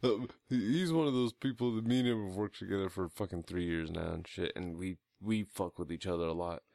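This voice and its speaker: Young guy cohosting, low gravelly voice, cursing and teasing, dry sound. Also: fairly quick, a little mellow, no echo. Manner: swearing, laughing, teasing. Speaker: podcast co-host. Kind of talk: crude casual banter.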